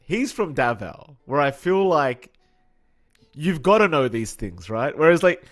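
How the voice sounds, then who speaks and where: A man's voice: a little high, very animated, a little slow, fairly bright tone, faint music behind. A man from Australia working as an esports caster, chatting casually and ranting bluntly. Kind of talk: casual chat between casters.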